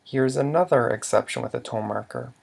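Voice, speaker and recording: A man's voice: mid-range voice, a little fast, gravelly, darkish tone, slight background noise. A man teaching a language lesson, explaining rules patiently step by step with some fillers.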